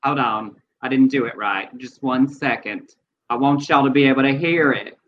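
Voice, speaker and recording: A man's voice: mid-range voice, moderate pace, lo-fi sound. A man co-hosting a casual news commentary show, earnest and explanatory as he reads news items aloud. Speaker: podcast co-host.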